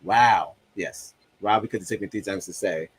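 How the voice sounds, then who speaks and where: A man's voice: low-pitched, normal speed, slightly rough. A man hosting a livestream, chatting loosely and joking as he reads viewer comments aloud. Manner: loose, joking, talks to himself about a broken soundboard. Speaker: livestream host. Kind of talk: casual livestream chat reading comments.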